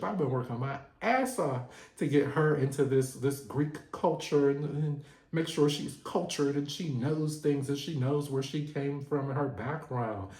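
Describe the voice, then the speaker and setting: Man playing a wounded proud mom, high voice, aggrieved, echoey. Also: darkish tone. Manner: indignant, aggrieved. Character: proud, wounded middle-aged mother. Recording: echoey room.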